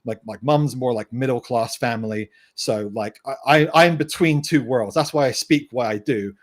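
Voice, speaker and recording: A man's voice: mid-range voice, moderate pace. A man with a light West Country English accent talks casually as a podcast guest, rambling and restarting his sentences. He laughs easily, and a desk microphone picks him up close. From West Country, England. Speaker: guest game designer.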